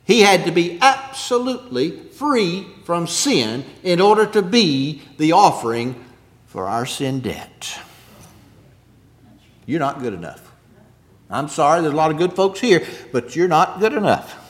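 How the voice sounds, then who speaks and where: A man preaching a sermon in an earnest way, rising to loud emphasis and dropping to hushed low lines. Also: big pitch swings, normal speed. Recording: echoey hall, long reverb.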